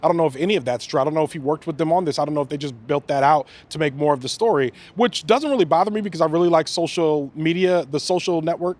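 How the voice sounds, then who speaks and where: A man's voice: fairly high pitch, fast talker, hardly any pauses. Casual man hosting a movie podcast. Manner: relaxed, rambling, lots of "like" and restarts. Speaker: podcast host. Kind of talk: casual movie review chat.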